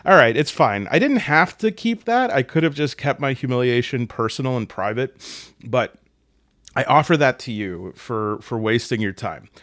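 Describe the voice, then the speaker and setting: American guy rambling about tabletop games, self-deprecating jokes, middle pitch, dry close mic. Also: expressive, moderate pace, a bit bright, no echo. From United States. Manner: joking, self-deprecating, puts on silly voices for quotes. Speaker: solo tabletop gaming host. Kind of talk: casual chat to camera.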